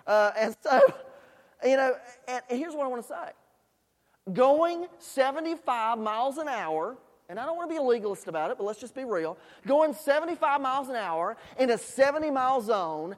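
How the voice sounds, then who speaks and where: A man's voice: very high-pitched, sing-song, moderate pace. A man preaching a sermon, telling folksy stories with asides to the congregation. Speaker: pastor. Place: church sanctuary. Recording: long hall reverb in a church.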